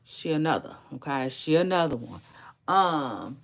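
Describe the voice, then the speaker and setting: Slow gravelly-voiced woman livestreaming. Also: deep voice, sing-song. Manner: rambling, drawn-out, repeats phrases; slow, gravelly, laid-back delivery. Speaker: livestream vlogger. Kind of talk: casual livestream chat.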